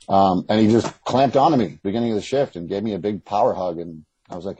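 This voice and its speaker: Husky fast-talking man, blunt and candid. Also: deep voice, lively intonation, mellow, low-quality recording. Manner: candid, blunt, rambling with restarts. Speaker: guest, author. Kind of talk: casual interview conversation.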